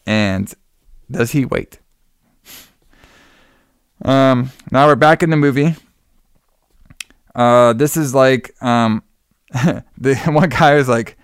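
A man's voice: mid-range voice, slow, pauses often, clear, resonant tone, no echo, clean studio sound. A man co-hosting a show, casually recapping a horror movie, swearing often, laughing and acting out the characters' lines. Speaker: podcast co-host.

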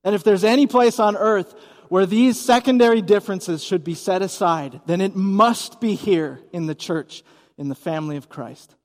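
High-voiced pastor preaching in a gym. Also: male voice, moderate pace, long reverb tail. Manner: conversational, asks the audience questions. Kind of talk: sermon. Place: church service in a gymnasium.

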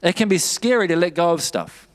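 A man's voice: high voice, animated, fairly quick. A man preaching a sermon, telling a story with quoted dialogue and building to fervent urging.

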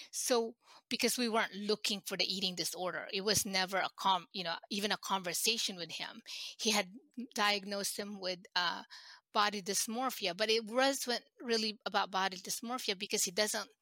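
Middle-aged woman guest, halting and emotional, bright voice. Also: medium pitch, no room sound. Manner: halting, emotional, many restarts. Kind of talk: personal storytelling in an interview.

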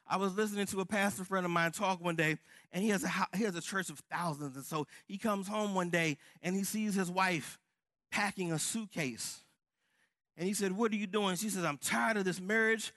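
A man's voice: sits high, pushed and bright. A man preaching a sermon with fervent, building emphasis. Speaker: pastor.

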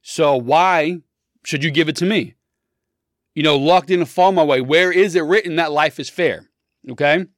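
Guy ranting about politics, blunt and rambly, kinda high voice, dry close sound. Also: measured pace, no room sound. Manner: blunt, opinionated, rambling with restarts. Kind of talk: casual political monologue.

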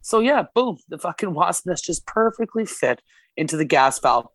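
A woman's voice: lowish voice, very animated, moderate pace, no echo. A woman guest on a casual podcast, telling a story with lots of swearing and acted-out quotes. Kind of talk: casual chat. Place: podcast studio.

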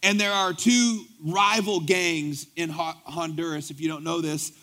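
Guy pastor preaching, kinda high voice, acts out all the back and forth in his stories. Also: a little slow. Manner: animated storyteller acting out dialogue. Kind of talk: sermon with storytelling.

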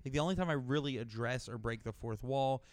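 A man's voice: mid-range voice, fast talker, darkish tone, slight background noise. A man co-hosting a podcast, chatting casually and loosely with lots of fillers. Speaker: podcast co-host, comedian. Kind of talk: casual chat.

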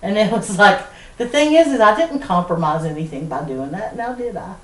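A middle-aged Southern woman with a medium-pitched voice talks at a normal speed as a chatty podcast co-host. She's an animated storyteller who often laughs mid-sentence while sharing her tales in casual conversation. The mic sits back from her in a roomy space, so the sound is spacious.

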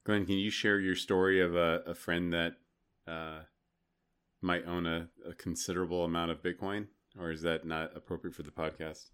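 A man's voice: low-pitched, little pitch movement, moderate pace, a bit bright, smooth. A man co-hosting a podcast, asking questions and teasing his co-host in casual chat.

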